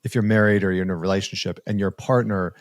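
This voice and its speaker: A man with a fairly low voice hosts a casual podcast conversation. He thinks out loud, restarting sentences as he hunts for the right words, and his voice sits dry and close to the mic. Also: fairly even intonation, fast, no echo. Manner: thinks aloud, hesitant restarts, searching for words. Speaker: podcast host.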